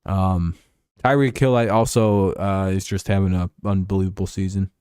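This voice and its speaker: A man's voice: deep voice, fairly even intonation, normal speed, darkish tone, clean tone, dry recording, studio quality. A man chatting casually on a livestream about sports, rambling, swearing and chuckling as he answers his chat. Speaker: streamer.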